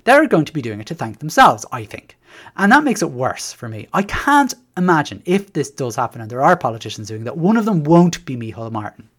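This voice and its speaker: A man's voice: a little high, very animated, brisk, fairly bright tone. An Irish man, a teacher hosting a podcast, talking in a rambling, sardonic monologue full of restarts. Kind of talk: casual monologue.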